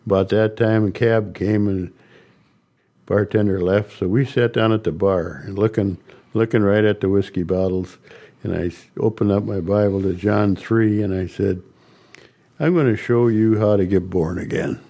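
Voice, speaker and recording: Older man, low mellow voice, unhurried halting storyteller with chuckles. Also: fairly even intonation. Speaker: interviewee recounting ministry. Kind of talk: storytelling interview.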